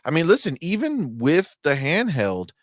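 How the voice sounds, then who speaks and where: A man in his thirties co-hosting a casual gaming podcast from his home game room, talking in an animated way with lots of fillers and swearing. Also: on the high side, normal speed, no echo, studio quality. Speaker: podcast co-host. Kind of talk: casual chat.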